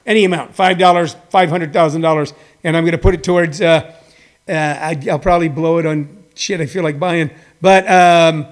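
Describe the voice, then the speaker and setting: A man's voice: a little high, fairly even intonation, moderate pace. A middle-aged man hosting a show, delivering a rambling, mock-indignant comedy rant with self-mocking asides. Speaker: show host.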